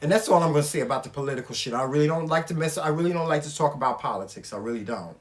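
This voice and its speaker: A Southern man talks in a slightly high voice, chatting casually with his viewers. He is animated and emphatic, and he swears freely as he goes. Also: racing. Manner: animated, emphatic and profane, addressing viewers directly. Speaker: vlog host. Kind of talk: casual couple chat.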